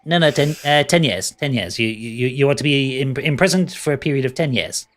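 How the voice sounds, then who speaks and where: A man's voice: mid-range voice, brisk, a bit bright, lightly acted. A man voicing a smug, matter-of-fact male jailer in a tabletop game.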